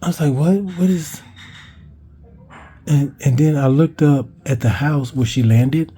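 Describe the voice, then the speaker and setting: In a loose vlog, a man rambles through a childhood memory at normal speed, restarting and cursing along the way. His husky voice is deeply mellow and dark, sitting at a middling pitch. He stumbles over words and jumps higher when imitating what others said.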